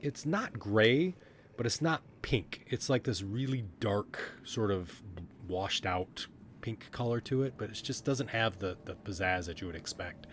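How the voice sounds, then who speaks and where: A man with a low voice runs a tabletop game as game master. His narration is loose and rambling, full of fillers and restarts. A faint hiss sits under the recording. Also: animated, unhurried.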